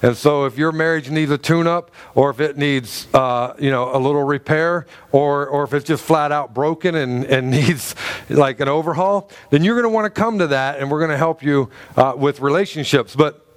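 Middle-aged male pastor, casual joking sermon delivery, slightly high voice. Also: normal speed, clear, resonant tone. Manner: chatty and joking, with many restarts and laughs.

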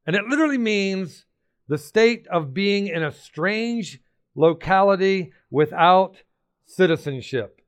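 A male pastor preaching a sermon, emphatic and excitable, repeating phrases and bursting into sudden shouts. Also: sits high, measured pace, clear, resonant tone.

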